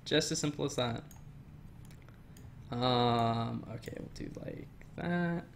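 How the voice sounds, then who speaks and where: A man's voice: medium pitch, slow pace, gravelly, slight background noise. A young man casually chatting on a livestream, reading chat aloud and rambling with frequent ums while he works.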